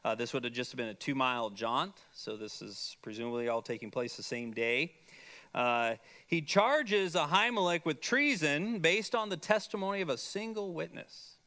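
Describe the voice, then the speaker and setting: A man with a bright, slightly high voice teaches a Bible class. He explains each passage step by step and keeps checking in with his listeners with "okay?". He fills his pauses with plenty of "uh"s. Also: lively intonation.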